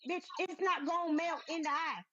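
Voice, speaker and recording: A woman, hosting a casual chat podcast, animated and sassy, laughing often. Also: very high-pitched, moderate pace, muffled recording, crowd noise. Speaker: podcast host.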